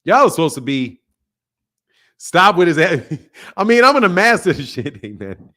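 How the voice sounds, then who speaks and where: With a high-pitched, sharp-toned voice and a sing-song lilt, the man speaks at a moderate pace. He's a blunt, profane boxing talk show host running a casual live call-in, teasing callers and frequently laughing.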